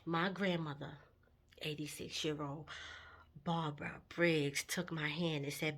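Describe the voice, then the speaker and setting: A woman's voice: deep voice, fairly even intonation, a little slow. Emotional, candid woman vlogger. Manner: candid and emotional, with rising intensity. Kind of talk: personal storytelling to camera.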